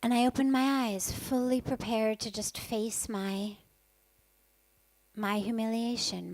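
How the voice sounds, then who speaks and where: A woman's voice: medium pitch, darkish tone, dry recording. A woman who is a spiritual teacher tells a personal story candidly and vividly, sometimes dropping to a whisper for her inner thoughts.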